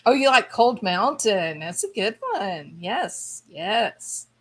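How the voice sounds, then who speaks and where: A woman's voice: mid-range voice, very animated, very slow. A woman streamer casually chatting with her viewers, rambling and thinking aloud with enthusiasm. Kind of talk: casual chat.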